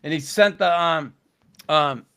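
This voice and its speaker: A man, a podcast guest telling stories in a gruff, blunt way, swearing constantly. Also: fairly high pitch, takes it slowly, sharp tone. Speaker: podcast guest, former hockey enforcer. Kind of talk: casual storytelling chat.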